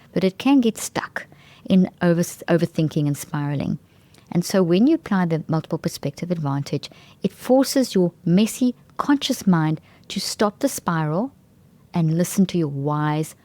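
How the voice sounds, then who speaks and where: A woman's voice: fairly low pitch, dark tone. A woman hosting a talk show, explaining brain science in an enthusiastic, emphatic way and often restarting phrases mid-sentence. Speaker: podcast host.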